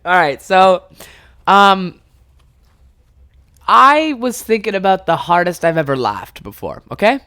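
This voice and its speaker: A man's voice: high voice, a little slow, pauses often, dry recording, studio quality. A young man from Canada hosting a podcast, telling a funny story casually, swearing often and breaking into laughter. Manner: animated, swears a lot, bursts into laughter. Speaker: podcast host.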